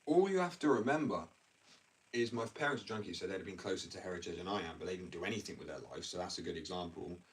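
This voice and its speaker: Rambling low-voiced man ranting on a stream. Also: animated, fast talker. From England. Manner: rambling, blunt, slangy. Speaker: live streamer. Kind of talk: casual livestream rant. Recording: distant mic with faint background noise.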